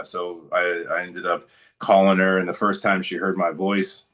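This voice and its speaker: A man's voice: sits low, level tone, moderate pace, fairly bright tone. A man talking as a guest in a casual interview, telling stories in a laid-back, good-humored way.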